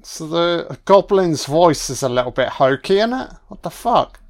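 A man's voice: fairly high pitch, big pitch swings, normal speed. A man giving a casual, wisecracking film commentary on a first watch, swearing freely and talking back at the screen. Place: home recording, voice only.

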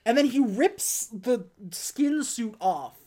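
A woman's voice: fairly high pitch, lively intonation, slow pace, dark tone. A woman co-hosting a casual chat, retelling a movie's scenes step by step and acting out the characters' lines. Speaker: podcast co-host.

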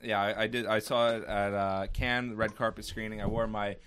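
A man's voice: fairly low pitch, little pitch movement, fairly quick, a bit bright, smooth. A man hosting a casual podcast chat, rambling with many fillers and restarts. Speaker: podcast host.

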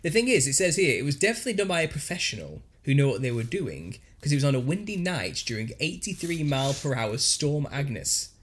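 A man's voice: fairly high pitch, very animated, brisk, hardly any pauses, slightly rough. A man co-hosting a podcast, reading news articles aloud with frequent laughter and put-on voices for quotes. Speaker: podcast co-host.

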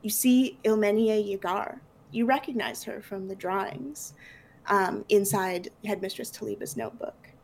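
A woman narrates a tabletop game as its game master, describing scenes in a loose, chatty way full of fillers. Her voice sits at a middle pitch with a gravelly, creaky edge. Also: fairly even intonation, normal speed, a little mellow, a little hiss or hum.

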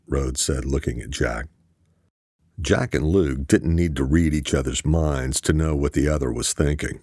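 A man narrating a thriller audiobook in a steady storytelling manner. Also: a bass voice, a little slow, breathy edge, no room sound, clean studio sound.

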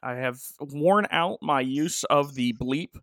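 A man's voice: medium pitch, takes it slowly, fairly bright tone, no room sound, clean studio sound. A man casually recapping a TV episode with joking, rambling asides. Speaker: podcast host.

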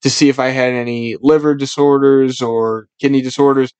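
A young man hosting a casual podcast, telling rowdy stories full of swearing and animated voices for the people in them. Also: mid-range voice, moderate pace, smooth, no room sound. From Buffalo, New York area. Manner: loud, swearing, storytelling with animated impressions. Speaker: podcast host.

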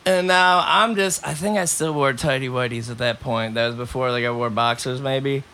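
A man hosting a podcast who tells a long, rambling story in a casual, animated way and coughs between lines. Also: medium pitch, normal speed, a little hiss or hum. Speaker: podcast host.

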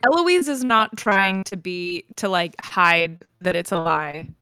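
A woman's voice: fairly low pitch, slow pace, pushed and bright, clean tone, no room sound. Casual woman player, dry sound. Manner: casual, describes actions in third person. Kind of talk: tabletop role-play chat.

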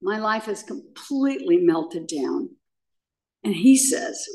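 A woman's voice: medium pitch, big pitch swings, takes it slowly, darkish tone, far from the mic. An older woman sharing her personal recovery story at a meeting, telling it dramatically with vivid repetition. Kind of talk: personal testimony.

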